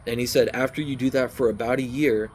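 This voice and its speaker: A man's voice: mid-range voice, steady tone, quick pace, darkish tone, slight background noise. A man casually telling his own story outdoors, rambling and repeating key phrases over and over. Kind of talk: casual first-person storytelling.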